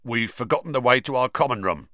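A man reading an audiobook, voicing an excitable teenage boy who blurts things out. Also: mid-range voice, fast talker, dry recording, studio quality, natural voice. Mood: eager. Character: eager teenage schoolboy sidekick.

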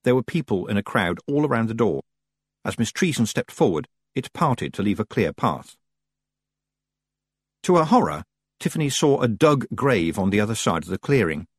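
A man narrating a story as an audiobook reader, with expressive, wide-ranging delivery. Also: on the low side, normal speed, husky, no echo, clean studio sound.

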